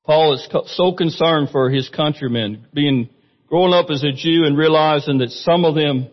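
A man with a fairly high voice preaches a sermon at a normal pace, keeping it conversational and often putting questions to the congregation. He's in a church sanctuary, and the recording is muffled with a long hall reverb.

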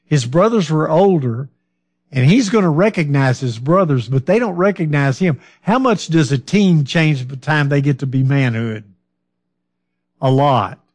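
A man preaching a Bible-study sermon, talking slowly and conversationally, asking his listeners questions and now and then losing his train of thought. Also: fairly high pitch, animated, darkish tone. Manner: fillers and restarts, loses his train of thought.

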